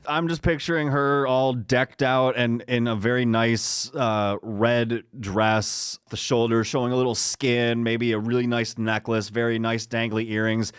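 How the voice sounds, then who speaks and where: Male podcast co-host, clear tone, dry close mic, joking and teasing. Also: mid-range voice, flat delivery, unhurried, few pauses, no room sound. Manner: joking, mock-judgmental banter. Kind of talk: casual comedic chat.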